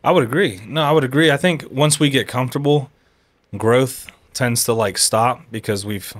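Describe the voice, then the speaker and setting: A man talking reflectively in a casual podcast conversation, musing out loud. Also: mid-range voice, normal speed. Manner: reflective, conversational, frequent "like" and "right". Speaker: podcast guest.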